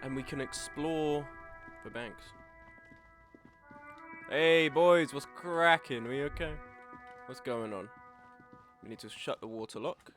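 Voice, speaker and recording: A man's voice: medium pitch, unhurried, pauses often, music in the background. Wry young male streamer with sore throat. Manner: chatty, wry, reads chat aloud while eating. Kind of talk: casual game stream commentary.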